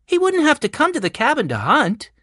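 Storybook voice: a woman doing a high, eager young boy, dry read. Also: a little fast, no echo, full character voice. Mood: excited. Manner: high, excited and chirpy.

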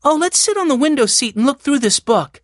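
Storybook big sister, brisk and motherly, voiced by a woman reader, brighter than the narration. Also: high voice, expressive, no room sound, clean studio sound, pitched above the performer's own voice. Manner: brisk, organizing. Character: older sister, practical and motherly.

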